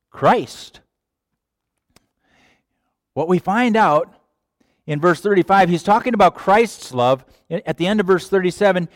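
Animated preacher man, fairly high voice. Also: no echo, studio quality. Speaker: pastor. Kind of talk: sermon.

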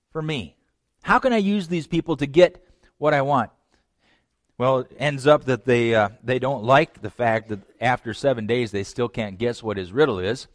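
A man preaching a sermon, retelling a scripture story with lively acted-out lines and direct asides to his listeners. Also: medium pitch, dry recording, clean studio sound. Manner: animated storytelling, acts out voices; direct address to young men. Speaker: pastor.

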